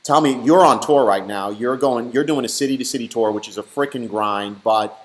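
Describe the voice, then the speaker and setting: A man's voice: mid-range voice, brisk, poor audio. A man with a New York accent hosting a casual interview over a video call, speaking bluntly and informally. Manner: casual and blunt, swears lightly. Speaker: host.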